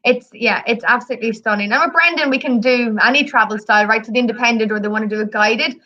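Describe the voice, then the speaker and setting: A woman's voice: a little high, pushed and bright, muffled recording. An Irish woman chatting casually as a guest, bubbly and talkative, often laughing. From Ireland. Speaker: guest travel representative. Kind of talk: casual live chat.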